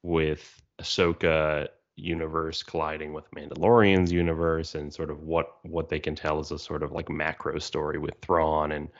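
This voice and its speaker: A man's voice: rumbling low, flat delivery, normal speed, few pauses. A man co-hosting a casual fan podcast, musing aloud and firing off one speculative question after another. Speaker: podcast co-host. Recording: dull lo-fi sound.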